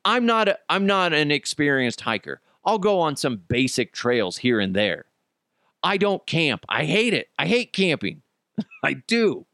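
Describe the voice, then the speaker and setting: A man from Colorado hosts a podcast in a loose, ranting style, his pitch swooping up and down as he mocks and swears. He laughs at his own jokes, and the recording is close and dry. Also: sing-song, measured pace, a bit bright, no echo. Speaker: podcast host. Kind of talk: casual ranting commentary.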